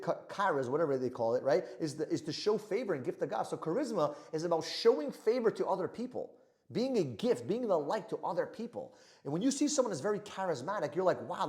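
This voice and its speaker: Animated, fast-talking male sales coach. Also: high-pitched. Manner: energetic, animated delivery with frequent "right?" check-ins; moves hands and body while talking. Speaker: sales trainer. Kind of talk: motivational talk to camera.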